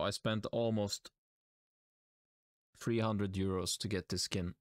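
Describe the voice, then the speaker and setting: A young Swedish man with a Swedish accent streams a game live, talking to himself and his chat in an exasperated, self-mocking way. His voice is lowish and fairly even in intonation, and he speaks slowly. The recording is studio quality with no room sound.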